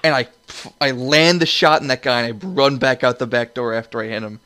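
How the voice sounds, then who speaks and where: A man's voice: medium pitch, steady tone, a little fast, sharp tone, clean tone. A young man in casual chat, eagerly cutting in to correct the story. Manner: eager, interrupting, correcting others.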